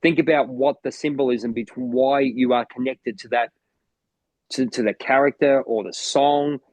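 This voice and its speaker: A man's voice: mid-range voice, steady tone, normal speed, no room sound. An Australian man co-hosting a podcast as a motivational coach, talking in an enthusiastic, rambling way with lots of restarts. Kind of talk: casual chat.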